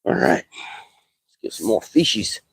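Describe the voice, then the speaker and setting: A man casually chatting on a live stream while fishing, excitable and talkative, whooping when thrilled. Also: slow, dry recording.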